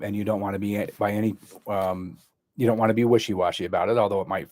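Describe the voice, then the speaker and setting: A man working as a therapist, explaining a communication skill in a halting way, full of fillers and restarts. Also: fairly low pitch, a little mellow, dry recording, studio quality.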